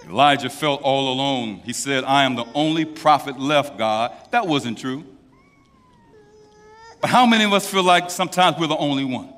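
A man preaches a sermon in a fairly high, bright voice that rings out with force. He swings from hushed, drawn-out phrases to loud, climbing declarations. His voice carries a long reverb, as if he speaks in a large church sanctuary. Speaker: pastor.

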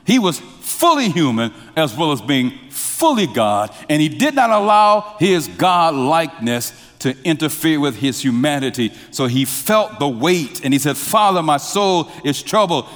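Slow-preaching pastor in a reverberant hall. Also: male voice, a little high, big pitch swings, fairly bright tone, faint music behind. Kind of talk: sermon.

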